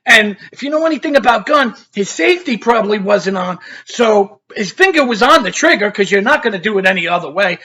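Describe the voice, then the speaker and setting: A man's voice: high voice, fairly quick, few pauses. A middle-aged man telling a story in a casual, rambling way, swearing freely. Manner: profane, animated, rambling storyteller. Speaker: vlogger.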